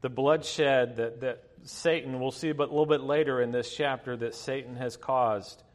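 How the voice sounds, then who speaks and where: Storytelling pastor in a reverberant hall. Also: male voice, mid-range voice, fairly even intonation, normal speed. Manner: storytelling, chatty with many fillers, laughing asides. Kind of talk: sermon with personal story.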